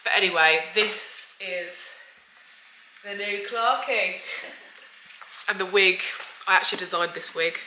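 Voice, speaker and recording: A woman talks straight to camera from her home in a casual, effusive vlog style, dropping in lots of "like" and "guys". Her voice is bright and forward, and it sounds a little stuffy, as if she has a cold coming on. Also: medium pitch, slow pace, pauses often, a little hiss or hum, rough recording. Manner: chatty and effusive, frequent "like" and "guys". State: slightly stuffy, bunged up. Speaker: beauty vlogger. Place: at home, indoors.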